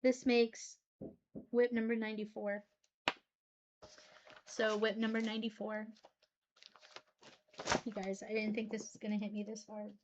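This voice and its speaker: A soft-spoken woman gets teary as she shows her cross stitch works in progress in a casual vlog, her voice catching between frequent ums. Her pitch sits in a middling range. The sound is a little dull, with a faint hiss behind her. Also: level tone, a little slow, long pauses. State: teary, voice breaking. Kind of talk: casual show-and-tell vlog.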